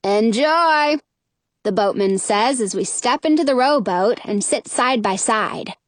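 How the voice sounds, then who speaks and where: A woman narrating a first-person children's story in an expressive, lively reading voice. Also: mid-range voice, moderate pace, no echo. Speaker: audiobook narrator.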